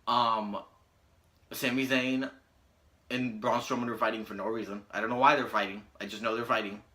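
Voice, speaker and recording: A man's voice: on the low side, steady tone, moderate pace, bright, forceful tone. A young man giving a crude, sarcastic wrestling review with lots of um fillers. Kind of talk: casual review vlog.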